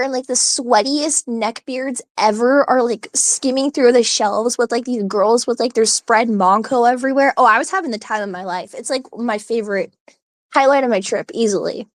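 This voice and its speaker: Hosting a live audio stream, a woman with a fairly high voice chats casually, rambling and giggling, leaning heavily on "like," restarting sentences, and hiccuping. There's no echo on the recording.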